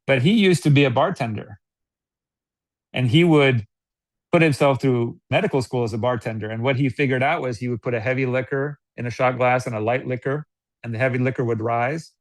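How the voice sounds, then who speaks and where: An American man giving casual sales coaching, animated, laughing often and acting out customer dialogues. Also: medium pitch, fairly quick, no echo. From United States. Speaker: network marketing guest.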